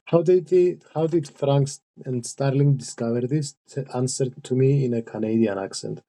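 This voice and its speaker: Host guy with a really dark mellow voice, stumbles and repeats himself, dry sound. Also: medium pitch, no room sound. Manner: halting, repeats words while probing. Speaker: podcast host. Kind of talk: casual chat.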